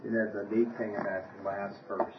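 A man's voice: lowish voice, little pitch movement, normal speed, far from the mic, background noise. A man in a Bible study adding a thoughtful comment and checking for agreement with tag questions. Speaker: class participant. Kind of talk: discussion comment. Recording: dull lo-fi room recording.

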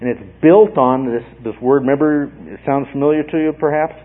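A man teaches a Bible study with a husky, slightly breathy voice at a middling pitch. He explains patiently and often pauses to check that his listeners follow. The sound is narrow and phone-like.

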